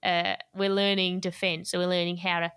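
A woman, a guest telling a personal story in an interview, lively and laughing often. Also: lowish voice, normal speed, clear, resonant tone, no room sound, clean studio sound.

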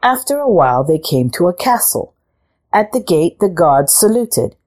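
A woman reading a picture book aloud in a slow, expressive storytelling manner. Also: fairly low pitch.

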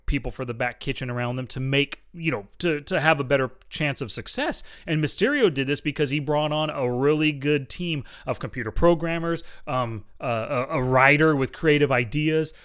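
A man co-hosting a casual podcast, telling stories in an easygoing, steady way with fillers. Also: medium pitch, normal speed, few pauses, clear, resonant tone. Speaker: podcast co-host. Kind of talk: casual chat.

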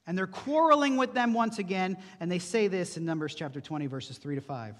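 Guy with a really high voice preaching, earnest, lots of questions at the crowd, big echoey hall. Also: fairly quick. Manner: earnest, rhetorical questions to the congregation. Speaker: pastor. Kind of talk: sermon. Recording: long reverb from a large hall.

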